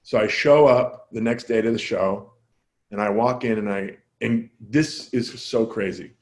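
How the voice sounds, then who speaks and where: A male comedian telling a story as a podcast guest, casual and self-deprecating, acting out quoted dialogue with his voice jumping up and down. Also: measured pace. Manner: animated, acts out quoted dialogue with jumps in pitch.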